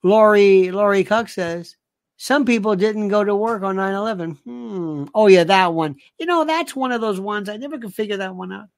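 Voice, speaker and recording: A man's voice: sits high, moderate pace. Sarcastic male commentary host. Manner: sarcastic, exasperated, with rhetorical questions and restarts. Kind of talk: casual political rant.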